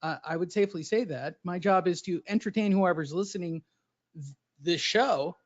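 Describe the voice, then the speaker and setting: A man with a high voice talks boxing in loose, profane banter, brash and needling. The audio sounds dull and lo-fi. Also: normal speed. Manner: brash and crude, needling his co-host. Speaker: boxing podcast co-host. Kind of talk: casual chat.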